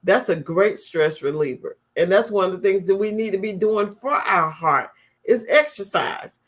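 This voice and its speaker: A woman's voice: medium pitch, animated, moderate pace. A woman talk show host speaks straight to her audience about caring for yourself. She is earnest and drives each point home by repeating it in plain, everyday words. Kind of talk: motivational talk to viewers.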